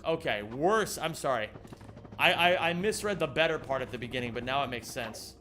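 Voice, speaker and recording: A man's voice: mid-range voice, lively intonation, moderate pace, pushed and bright, a little hiss or hum. A man live-streaming a game, chatting with his viewers, reading their messages aloud and snapping back in mock indignation. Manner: banters with chat, reads messages aloud, mock-indignant outbursts. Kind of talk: live-stream chat while gaming. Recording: music playing behind the voice.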